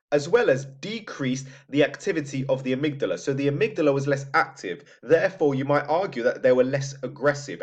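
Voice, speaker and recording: Man teaching with a loose, chatty manner. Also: medium pitch. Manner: conversational, frequent "right?" checks and restarts. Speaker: psychology teacher. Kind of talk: recorded lecture. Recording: slightly dull lo-fi audio.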